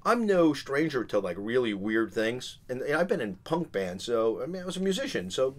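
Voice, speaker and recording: Animated storytelling man. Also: medium pitch, moderate pace. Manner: animated, acts out quoted people. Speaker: podcast guest telling his business story. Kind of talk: casual storytelling.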